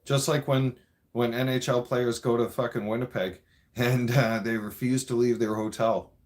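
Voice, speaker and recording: A man's voice: medium pitch, fairly even intonation, moderate pace, darkish tone. A Canadian man delivering an angry, profane political rant in a vlog. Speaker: vlogger.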